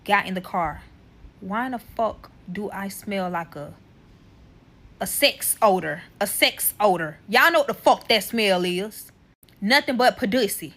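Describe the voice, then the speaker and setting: A woman's voice: medium pitch, measured pace. A young woman telling a heated personal story straight to her viewers, swearing freely and talking to them directly. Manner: profane, animated, addresses viewers directly. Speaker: TikTok creator.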